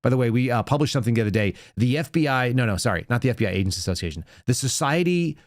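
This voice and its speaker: Sarcastic man hosting a lively podcast. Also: mid-range voice, very fast, no room sound, studio quality. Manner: sarcastic, mocking, puts on silly voices. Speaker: podcast host. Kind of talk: commentary on news clips.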